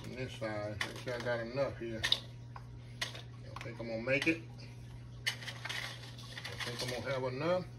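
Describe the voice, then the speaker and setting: A man's voice: mid-range voice, unhurried, long pauses, very noisy. A man hosting a casual home cooking vlog, folksy and chatty, often calling out to viewers as y'all. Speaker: home cooking channel host.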